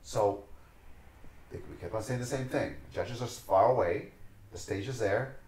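In a low-quality, roomy recording, a man with a lowish, slightly mellow voice speaks unhurriedly, leaving long pauses. As a podcast guest, this dancer and teacher tells stories passionately in conversation, voicing the characters himself.

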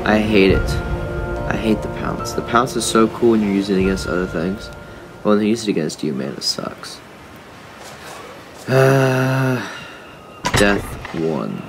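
Gravelly low-voiced man grumbling at a game. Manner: frustrated, talks to the game and viewers. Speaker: gaming YouTuber. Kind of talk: casual game commentary.

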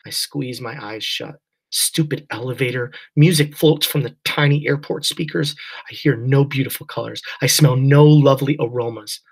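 Husky male narrator, mid pitch, quiet mournful first-person reading. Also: normal speed, low-quality recording. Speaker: audiobook narrator.

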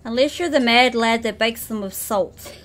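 A young woman from New Zealand streams a game live with faint music behind her, her fairly high voice a bit bright and her pace moderate. She chats with viewers, giggles and laughs often, and reads the game dialogue aloud in a playful voice.

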